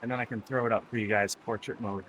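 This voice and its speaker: A man's voice: on the low side, fairly even intonation, fast, a bit bright, muffled recording. A man live-streaming an indoor cycling ride, chatting casually with his viewers and riding partner and laughing often.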